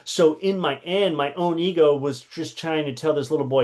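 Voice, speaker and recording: A man with a somewhat high voice leads a workshop lesson. He tells a personal story in a loose, conversational way. He uses plenty of filler words and acts out what people said. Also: brisk, hardly any pauses, darkish tone. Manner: conversational, with many fillers and acted-out quotes. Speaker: workshop teacher and coach.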